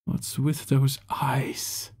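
A man voicing a power-hungry male cult leader who drawls slowly with menace and breaks into furious shouts. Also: medium pitch, monotone, husky. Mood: baffled anger.

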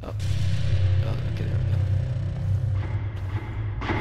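A man's voice: on the high side, fairly even intonation, takes it slowly, long pauses, over loud music. A young man giving rambling horror game commentary, swearing and jumpy, with lots of filler words. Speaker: gamer.

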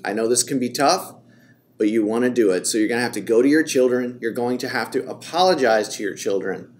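Upbeat guy chatting on a church parenting podcast, laughs a lot, bit of background hiss. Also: mid-range voice. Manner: energetic, quick to laugh. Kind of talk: casual chat on faith and parenting.

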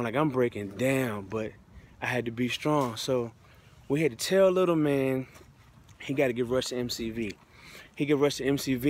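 A man's voice: medium pitch, a little hiss or hum. Man telling a heartfelt personal testimony. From United States. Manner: casual, heartfelt, loose slang-filled retelling. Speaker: motivational speaker.

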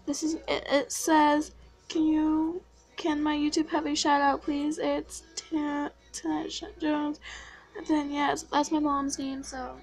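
A young woman talks to her vlog viewers in a high, bubbly voice, drawing her words out unhurriedly. She gushes like a thrilled fan, giddy and excitable. Faint music plays underneath her voice. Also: unhurried. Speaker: YouTuber. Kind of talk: casual vlog chat.

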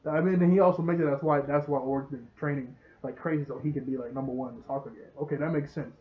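Young guy w a recapping a cartoon episode, kinda high voice, rambly, sounds tinny like a phone. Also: steady tone, quick pace. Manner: rambling, laughs often, acts out dialogue. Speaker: show reviewer.

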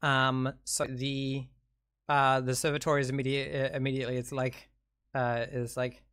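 A man narrating as game master, halting and full of fillers and restarts. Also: mid-range voice, level tone, a bit bright, clear, resonant tone, dry recording, studio quality.

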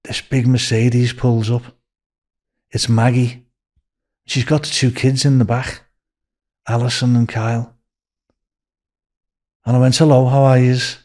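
Scouse man, 60s, animated storyteller, middle-pitched voice. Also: slow pace, pauses often. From Liverpool, England. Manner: animated, acts out quoted speech in a raised voice. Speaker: podcast guest. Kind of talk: anecdotal storytelling.

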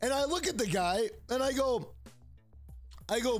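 A man's voice: extremely high pitch, lively intonation, unhurried, dry recording, faint music behind. A man streaming a game, chatting casually and telling rambling, profane stories to his viewers. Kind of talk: casual live-stream chat.

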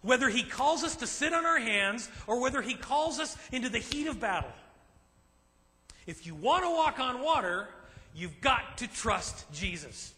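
A high, bright-voiced man preaching a sermon with emphatic, animated delivery and acted asides. His voice rings with the long reverb of a large church hall. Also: normal speed. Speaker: pastor. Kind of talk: sermon to a men's group.

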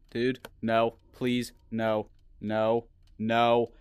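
A man's voice: mid-range voice, moderate pace, a bit bright. A man playing a horror game in a casual let's-play chat, often breaking into panicky exclamations. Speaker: gaming video creator.

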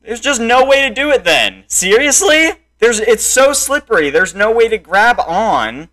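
A young man in raging gameplay commentary, frustrated, swinging between muttered complaints and loud shouts at the game. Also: extremely high pitch, very animated, measured pace. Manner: frustrated, yelling and insulting the game. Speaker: gameplay streamer.

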